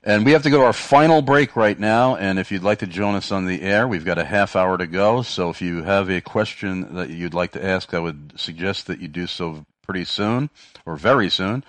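A man with a very low voice hosting a Christian call-in radio show, sounding amused while telling stories and turning crisp and announcer-like for the break. The sound is dry and close to the mic. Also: normal speed, dry recording.

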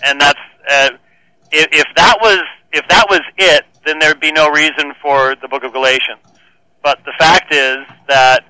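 Guest theologian guy, higher bright voice, earnest, dry close mic. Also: dry recording, poor audio. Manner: earnest, repeats words when starting. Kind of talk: radio interview answers.

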